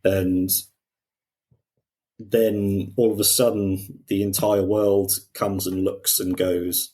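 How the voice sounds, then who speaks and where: Low-voiced man, animated podcast talk. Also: slow pace. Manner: animated, quotes people in put-on voices, frequent restarts. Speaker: podcast co-host. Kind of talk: casual discussion.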